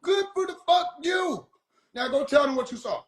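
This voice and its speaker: Dude playing god on the phone, super annoyed and curt, high pitched. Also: male voice, expressive, moderate pace, echoey room, slight background noise. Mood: irritated. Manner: irritated, curt.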